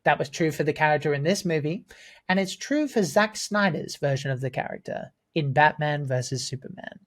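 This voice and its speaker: A man's voice: on the high side, expressive, a little fast. A man giving scripted film commentary as a video essayist, earnest and enthusiastic.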